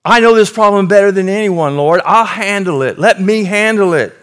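An impatient, defensive believer stammers out complaints and insists on handling everything himself, as a man acts him out in a sermon. The voice sits fairly high and pushes forward with restless insistence. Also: expressive, moderate pace, a bit bright. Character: impatient self-reliant believer complaining to God.

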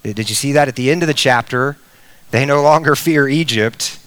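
A middle-aged man preaching a sermon, animated, with big swings in pitch and volume, sometimes speaking straight to the children. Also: brisk, no room sound. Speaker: pastor.

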